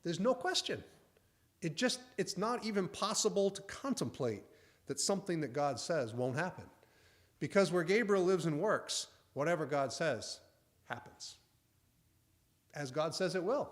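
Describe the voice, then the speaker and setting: A man's voice: a little high, lively intonation, unhurried. A man preaching a conversational sermon in a folksy way, acting out the angel's and priest's lines.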